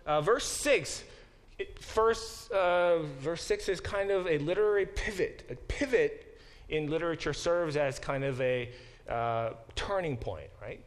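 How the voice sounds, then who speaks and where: A man teaching a Bible class in a conversational lecture style, often acting out quoted speech and restarting his sentences. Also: a little high. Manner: animated, acts out quoted speech.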